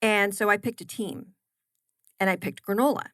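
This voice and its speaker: A woman's voice: medium pitch, normal speed, no room sound. A woman, a chef and business owner, telling stories in a casual podcast interview with emphatic repetitions. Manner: animated storyteller, emphatic repetitions.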